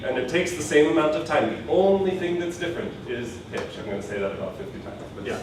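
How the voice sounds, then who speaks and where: A man's voice: fairly high pitch, animated, fast, few pauses, distant mic, noisy background. Male teacher, patient explainer, recorded from across a very echoey classroom. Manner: explains patiently, models words for repetition, laughs now and then. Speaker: Japanese language teacher. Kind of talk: classroom lecture.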